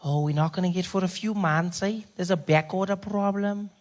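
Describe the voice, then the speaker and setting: A man voicing a teasing male pharmacist, loud and mocking, ending lines with "eh?". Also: sits high, normal speed, pitched above the performer's own voice, natural voice.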